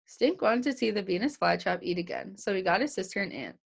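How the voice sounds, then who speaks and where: Woman with a creaky voice reading aloud. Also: mid-range voice, a little fast. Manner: lively, puts on voices for the characters. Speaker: childcare staff reading aloud. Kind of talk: children's book read-aloud.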